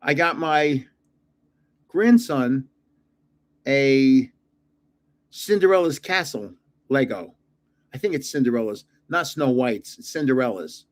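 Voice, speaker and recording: Speaking slowly with long pauses, this older channel host has a mid-range, animated voice. He opens card packs in a relaxed chat, laughing at the guesses he makes.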